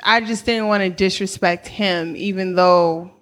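A woman in her thirties with a New York accent, speaking at a middling pitch as an interview guest. She talks candidly and casually, with plenty of slang. She breaks into laughter often. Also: steady tone, measured pace, fairly bright tone.

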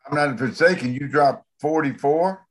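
A man's voice: fairly high pitch, moderate pace, background noise. A man interviewing a former player, asking questions casually.

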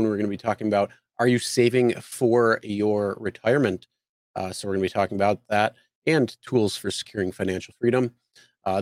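A man's voice: on the low side, no room sound, studio quality. A man co-hosting a casual live show, talking loosely with lots of fillers and restarts. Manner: rambling, many fillers and restarts. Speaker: co-host.

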